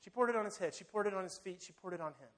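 High-pitched male preacher, relaxed conversational sermon delivery. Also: racing. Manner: conversational and animated, addressing listeners directly.

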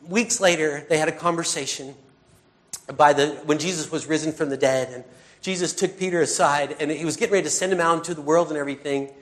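A man's voice: on the high side, moderate pace. A middle-aged man preaching a sermon in a conversational, earnest way, full of fillers and sighs.

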